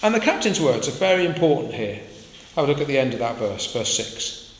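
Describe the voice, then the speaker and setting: A man's voice: mid-range voice, sing-song, fairly quick, slight background noise. A man preaching a sermon to a congregation, talking in a conversational way and putting questions to his listeners. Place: church hall. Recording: echoey hall, faint ambience.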